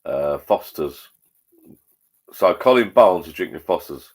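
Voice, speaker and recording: Very deep-voiced man chatting. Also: animated, a little slow. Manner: chatty, rambling, matey. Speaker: livestream host. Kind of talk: casual chat with viewers while drinking. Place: at home, indoors.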